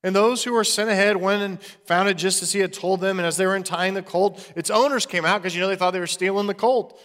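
A man's voice: high-pitched, steady tone, fast, fairly bright tone, big-room sound. A man preaching a sermon as pastor, earnest and conversational.

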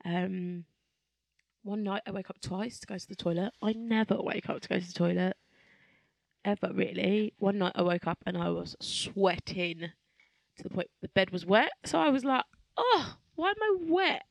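Gravelly-voiced woman telling her week. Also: lowish voice, fairly even intonation, moderate pace, no echo. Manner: matter-of-fact storytelling, hesitant fillers. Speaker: podcast co-host. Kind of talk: casual chat.

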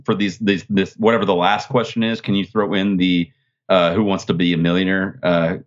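A man co-hosting a casual podcast, answering trivia with deadpan, playfully sarcastic jokes. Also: low-pitched, moderate pace, muffled recording. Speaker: podcast co-host playing contestant.

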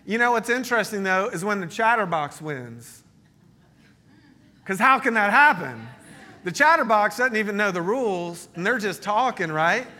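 Brief: male pastor, high and bright tone, lively storytelling sermon. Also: normal speed. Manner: storytelling, joking, animated. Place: church meeting space.

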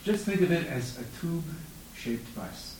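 A man reading a calm, reassuring guy. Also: fairly high pitch, measured pace, a loud crowd. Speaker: reader in a live screenplay reading. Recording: echoey room with loud noise.

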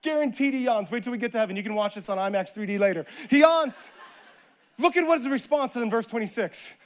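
A man preaching a sermon in a repetitive cadence, dropping to hushed asides and rising to shouted emphatic peaks. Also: high voice, lively intonation, rapid-fire. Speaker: pastor.

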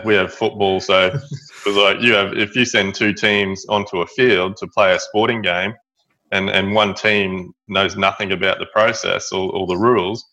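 A middle-aged Australian man telling a story as an interview guest, halting, with many fillers and restarts. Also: sits low, sharp tone. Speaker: guest, building business owner. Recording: dull lo-fi audio.

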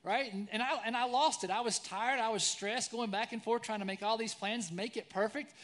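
A man in his forties preaching a sermon as pastor, conversational, often tagging "right?", shifting between lively storytelling and soft reflection. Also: high voice, a little fast. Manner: conversational, frequent "right?" tag questions.

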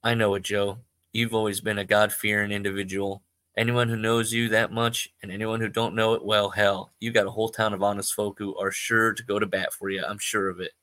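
A man voicing Artie, a calm, laconic old small-town man with a slow folksy drawl. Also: on the low side, dry recording. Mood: reassuring.

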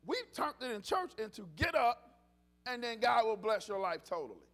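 A man with a strikingly high voice preaches in a loose, conversational way. He talks animatedly, repeats words and starts his phrases over as he goes. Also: very animated, normal speed, a bit bright. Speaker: pastor. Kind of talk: casual sermon.

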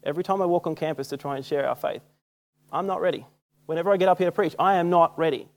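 Speaking fast in a slightly high voice, a young Australian church speaker delivers a sermon through casual, self-deprecating personal stories.

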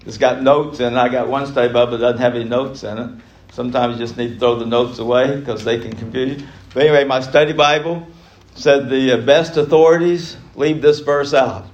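A man's voice: mid-range voice, steady tone, fairly quick, lo-fi sound. A man teaching an adult Bible class, emphatic, chuckling between points and repeating key phrases for emphasis.

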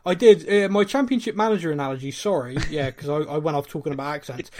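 A Bristolian man in his thirties talks on a football podcast in a relaxed, joking way. His voice sits a little high for a man, and he often restarts sentences and repeats words as he goes. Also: fast, slight background noise. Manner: chatty, self-mocking, stumbles and repeats words. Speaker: podcast co-host. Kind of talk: casual chat.

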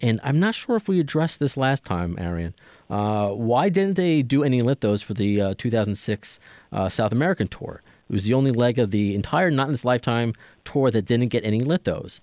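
A man's voice: medium pitch, lively intonation, brisk, darkish tone, no room sound. A man hosting a casual podcast interview, asking long, rambling questions with many restarts. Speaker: podcast host.

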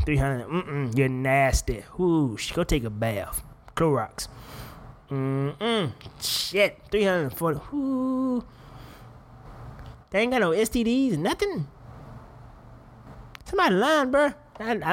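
A young man hosting a casual commentary show, animated and profane, laughing often. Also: fairly high pitch. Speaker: podcast host.

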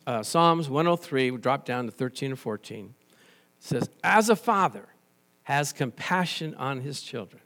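A man preaching a sermon as pastor, animated and conversational, telling stories and restarting phrases. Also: medium pitch.

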